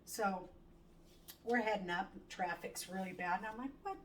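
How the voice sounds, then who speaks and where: A middle-aged woman chatting casually in her home kitchen while she cooks, telling a story with animated quoted lines and the odd swear. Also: lowish voice, fairly quick. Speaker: home cooking vlogger. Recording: distant mic, faint room noise.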